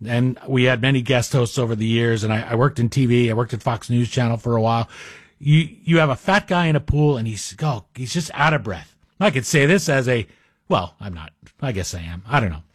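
Chatty, husky-voiced male radio host. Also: mid-range voice, brisk, dry recording. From Greek heritage. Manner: chatty, wry, self-deprecating asides. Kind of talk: talk radio monologue. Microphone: studio microphone.

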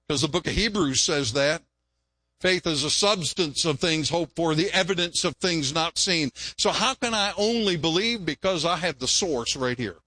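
A man's voice: on the high side, pushed and bright, dry recording. A man preaching a sermon in an earnest way, repeating phrases and lifting his voice when he quotes prayers.

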